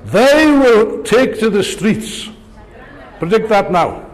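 Taking it slowly, the older man speaks in a high, sing-song voice. His rousing political speech to a large-hall audience is sarcastic and heavy on rhetorical questions.

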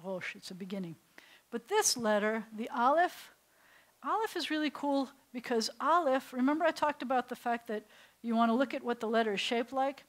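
A middle-aged woman rabbi teaching a beginners' Hebrew class, patient and playful, slowly sounding out syllables for students. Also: fairly high pitch, lively intonation, low-quality recording. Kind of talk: classroom language lesson.

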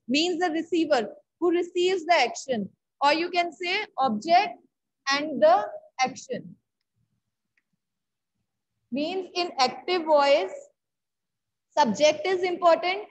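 In a low-quality recording, a woman with an Indian English accent teaches an online English grammar class in a very high voice. She takes it slowly, pausing often, repeating key words and frequently checking that her students are following.

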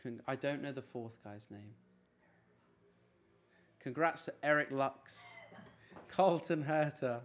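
Male streamer, relaxed chatty read of chat, mid pitch, unforced. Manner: chatty, easygoing, quick to brush off teasing. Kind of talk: casual live-stream chat.

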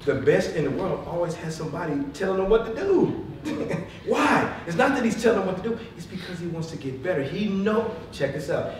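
A man in his thirties giving a lively motivational talk to a live audience, telling stories, laughing often and swinging between loud and hushed. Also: sits high, fairly quick, few pauses. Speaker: motivational speaker. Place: meeting room with an audience. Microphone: far from the mic. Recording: echoey room, distant mic, room noise.

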